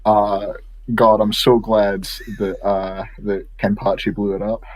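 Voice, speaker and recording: A man with a fairly low voice trades jokes in a casual reaction chat. His delivery is sarcastic and playful, full of quick banter. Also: level tone, a little mellow. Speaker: guest co-host.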